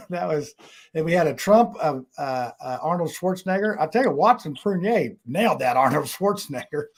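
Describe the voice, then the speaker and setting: An older man hosts a casual online talk show with a slightly high voice. He rambles and chuckles as he talks. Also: expressive, normal speed. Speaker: talk show host and voice actor.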